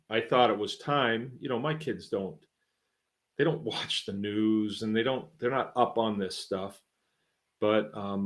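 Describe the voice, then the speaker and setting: A middle-aged man hosting his own farm show, talking in a folksy, rambling, conversational way with lots of fillers. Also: on the low side. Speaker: podcast host and farmer. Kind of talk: casual monologue.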